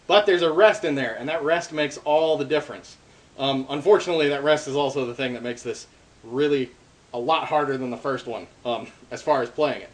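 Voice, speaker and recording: In a brisk voice on the high side, a man teaches darbuka rolls in a relaxed, instructional way, filling his step-by-step explanation with ums and uhs. Drum playing sounds between phrases.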